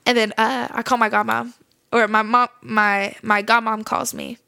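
A young woman hosting a faith podcast, telling a personal story in a casual, animated, slangy way with frequent laughs. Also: fairly high pitch, normal speed, creaky, no echo, studio quality. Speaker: podcast host.

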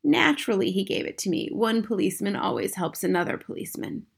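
A woman reading aloud, voicing a calm, wise older grandmother who speaks slowly, softly and with measure. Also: medium pitch, creaky, slightly rough, heavily acted. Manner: slow, soft and measured.

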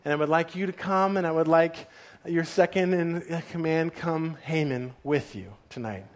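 A man voicing a brave, polite young queen, speaking in a soft, deferential way during a sermon. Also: a little high, moderate pace, close to an everyday voice. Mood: careful.

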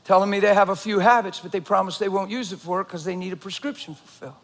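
Man, pastor preaching, high voice, lively storytelling, long church reverb. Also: quick pace, few pauses. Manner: storytelling, swings between loud excited bursts and hushed earnest tones. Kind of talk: sermon. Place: large church hall.

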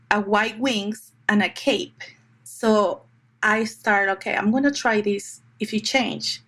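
Brief: middle-aged woman, higher-pitched voice, animated storyteller, photographer in a chatty interview. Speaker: fine art children's photographer. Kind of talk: conversational interview.

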